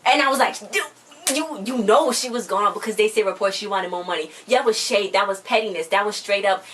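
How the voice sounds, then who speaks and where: A woman's voice: medium pitch, brisk, fairly bright tone, rough recording. A chatty woman talks through a TV episode with a friend, gossiping and mimicking what people said along the way. A faint hiss sits under her voice. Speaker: recap vlogger. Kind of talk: casual chat.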